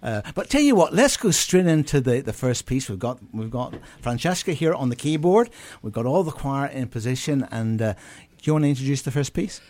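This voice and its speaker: A man hosting a community radio show in a studio, chatty and quick to laugh, stumbling over his words now and then. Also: mid-range voice, big pitch swings, a little mellow. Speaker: radio host. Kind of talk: casual radio chat. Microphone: studio mic.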